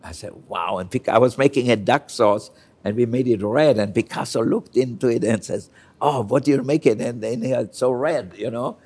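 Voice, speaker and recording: A man's voice: mid-range voice, normal speed, darkish tone. An older man from Austria, a chef being interviewed, telling candid anecdotes and acting out the people in them. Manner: candid anecdotal storytelling with quoted voices. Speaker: chef guest. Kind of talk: storytelling interview.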